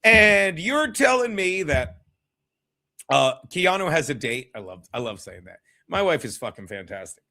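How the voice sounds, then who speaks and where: A man talks loosely on a home livestream, cursing often and drifting from thought to thought. His voice sits fairly high for a man, and he speaks straight to the chat. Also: sing-song, unhurried, sharp tone. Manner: profane, rambling, chats with viewers. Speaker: comedian hosting a livestream. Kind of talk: casual solo livestream chat.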